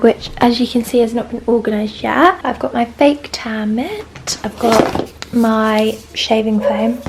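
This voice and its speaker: A woman's voice: fairly high pitch, background noise. A young British woman chatting casually to her viewers in a lifestyle vlog. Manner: chatty, talking straight to viewers. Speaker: lifestyle vlogger.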